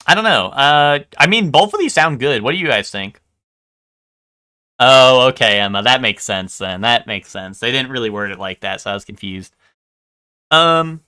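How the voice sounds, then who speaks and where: A man's voice: medium pitch, pushed and bright, clean tone. A man streaming live, chatting casually with his chat and stumbling over unfamiliar food names. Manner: chatty, hesitant, stumbles over foreign words.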